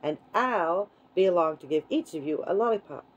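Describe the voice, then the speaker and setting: A woman voicing a calm, resourceful boy adventurer who speaks politely and reassuringly. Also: fairly low pitch, a little fast, dull audio.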